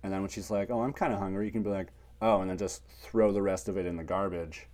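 A man co-hosting a comedy podcast, giving rambling deadpan advice in improvised chat. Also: low-pitched, fast.

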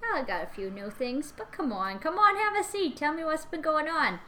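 A sweet, lonely old woman who fusses over her visitors, acted by a woman. The voice is slightly high and very bright. A faint hiss sits behind it. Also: very animated, brisk, heavily acted, rough recording. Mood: fussing.

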